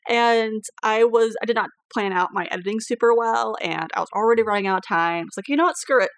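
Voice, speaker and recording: A woman hosting a podcast as game master, chatting casually, animated, swearing freely and laughing often. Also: on the high side, brisk, dry recording.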